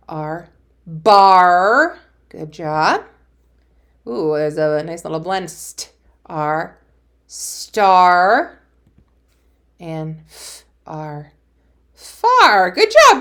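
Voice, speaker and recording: Slow, encouraging woman teaching phonics. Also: mid-range voice, a bit bright. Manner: cheerful, encouraging, sounds out letters slowly. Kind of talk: phonics lesson for young children.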